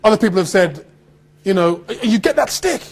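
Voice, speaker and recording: A man from Birmingham with a neutral standard British accent, telling stories to students in an animated way, laughing and acting out what people said. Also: high-pitched, brisk. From Birmingham, England. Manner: animated storytelling with laughter and acted-out quotes. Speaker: actor speaking to students. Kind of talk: anecdotal speech to students.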